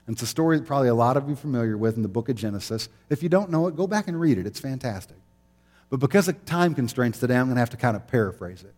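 A man's voice: mid-range voice, expressive, rapid-fire, darkish tone, in a large hall. A man preaching a sermon in a conversational storytelling way, with easy laughs. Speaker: pastor.

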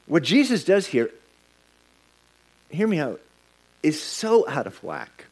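Male pastor, middle-aged, slightly higher voice, emphatic sermon delivery with lots of repetition. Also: very animated, slow pace. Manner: emphatic, repeats words and restarts lines while preaching.

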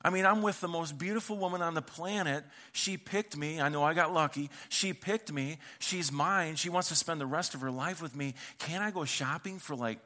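A man's voice: fairly high pitch, moderate pace, few pauses, bright, forceful tone. A middle-aged male pastor giving a conversational sermon, telling funny stories and acting out both sides of a dialogue. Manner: humorous storytelling, acts out dialogue.

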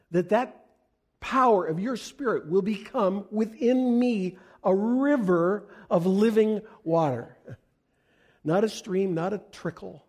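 High-voiced male pastor preaching. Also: slightly rough. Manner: earnest, builds to loud emphatic peaks. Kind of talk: sermon.

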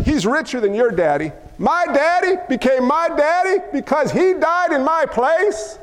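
A man's voice: very high voice, animated, normal speed, few pauses. A man preaching a sermon as a pastor, impassioned and building to emphatic outbursts. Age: adult father of young children. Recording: long reverb of a large hall.

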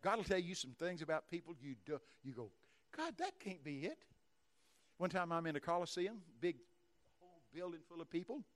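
Male preacher with a slightly high voice, animated storytelling sermon, acts out dialogue and bursts into shouts. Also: quick pace.

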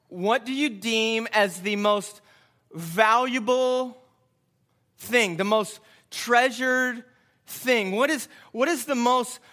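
Man, preacher, earnest and reflective, very high bright voice, sermon. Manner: earnest, reflective, repeats words often. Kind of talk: sermon storytelling.

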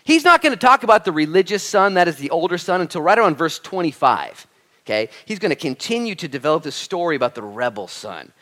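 A pastor with a slightly high voice preaches at a quick pace, addressing his congregation with energy and a conversational feel. His sermon is peppered with animated asides in which he quotes others.

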